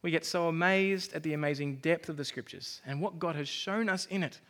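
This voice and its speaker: A male pastor preaches in a chatty, self-deprecating sermon style. His voice sits high and sounds bright and lively. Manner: conversational, self-deprecating preaching with acted asides.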